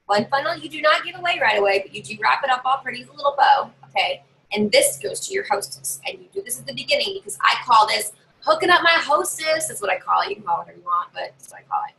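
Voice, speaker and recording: A woman's voice: high-pitched, big pitch swings, quick pace, vocal fry, pushed and bright, a little hiss or hum, poor audio. A woman giving casual how-to tips to camera as a party sales consultant, chatty and bossy, talking from her desk at home. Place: home desk with a drawer and her dog nearby.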